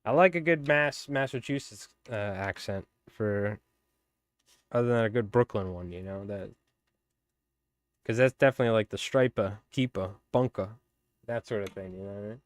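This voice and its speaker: A man's voice: lowish voice, normal speed, long pauses, clear, resonant tone, dry recording. A man hosting a fly tying live stream, chatting casually and rambling with viewers as he works. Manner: rambling, chatty, many fillers.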